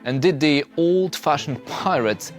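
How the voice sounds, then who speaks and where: A man giving scripted narration for an explainer video, in a steady explanatory tone. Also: on the high side, a little slow, soft background music.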